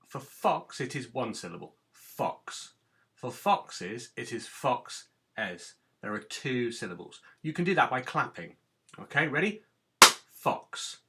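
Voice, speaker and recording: A man's voice: medium pitch, sharp tone. A man teaching a recorded phonics lesson to children, patiently sounding out words. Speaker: primary school teacher.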